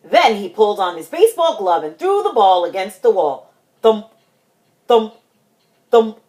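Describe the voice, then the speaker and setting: Expressive woman reading a picture book aloud. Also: medium pitch, fairly quick. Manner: expressive, dramatic. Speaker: storytime host.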